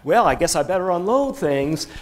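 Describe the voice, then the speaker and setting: A man's voice: high voice, big pitch swings, normal speed. A preacher doing Abraham, muttering over his move. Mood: fussing. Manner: muttering, fussy to-do list. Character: biblical patriarch Abraham, grumbling about moving.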